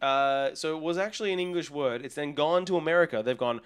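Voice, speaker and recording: A man's voice: a little high, quick pace, clear, resonant tone. Australian male streamer, easygoing and rambling, chats to viewers over faint game music. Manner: rambling, reads out and answers viewer messages. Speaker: livestreamer. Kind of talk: casual chat with live chat readers.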